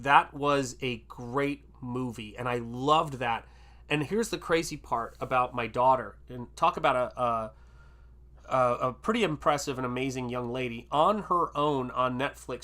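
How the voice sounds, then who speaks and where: A man's voice: mid-range voice, sharp tone. A middle-aged American man hosting an art livestream, chatting casually and reading viewer comments aloud with lots of exclamations. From United States. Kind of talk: casual livestream chat while painting.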